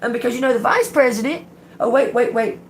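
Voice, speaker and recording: On a casual livestream filmed with a phone or webcam, a woman playing a tarot reader rambles emphatically and speaks directly to her viewers. Her voice is on the high side and she talks fast, with a slight hiss or hum in the audio.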